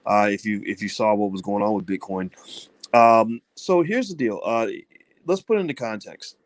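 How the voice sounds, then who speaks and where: A man's voice: fairly low pitch, moderate pace, no echo. A middle-aged man giving blunt, conversational commentary on finance to his viewers. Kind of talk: live-stream talk to viewers.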